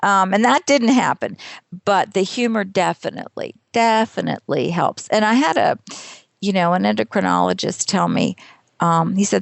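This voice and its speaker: A middle-aged woman speaks at a mid pitch as a guest author in a conversational interview. She tells stories in a lively, self-deprecating way with frequent laughter. The sound is dry and close, with no room echo. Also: moderate pace, vocal fry.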